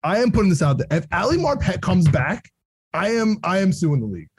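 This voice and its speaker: A young man co-hosting a casual sports podcast, rambling and excitable and laughing often. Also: sits high, a little fast, slightly rough, no echo. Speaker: podcast co-host.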